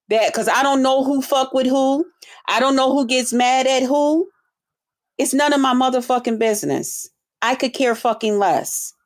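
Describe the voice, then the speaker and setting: A woman hosting a livestream, ranting bluntly at her chat, swearing constantly and repeating herself in exasperation. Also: a little high. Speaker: livestream host. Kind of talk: profane livestream rant.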